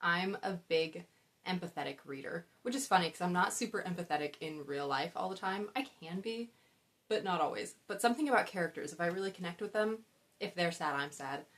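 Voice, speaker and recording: A woman's voice: on the low side, fairly quick, fairly bright tone. A young woman chatting casually about books she loves, rambling into side stories and laughing at herself. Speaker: book vlogger. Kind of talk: casual book-tag chat.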